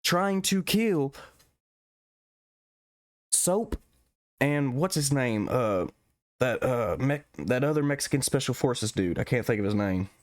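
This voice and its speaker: A man rants through a gaming commentary, cursing and exasperated. His voice sits at an ordinary pitch. The recording is dry and close, with no room sound. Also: expressive, slow, long pauses, no room sound. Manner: profane, exasperated ranting. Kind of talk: ranting video commentary.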